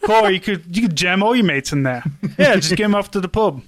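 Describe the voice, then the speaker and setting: Chummy British soldier, loud and a bit high, as a man puts him on. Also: expressive, fast talker, dry recording. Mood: jovial. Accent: British, put on. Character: boozy male British soldier, jokey.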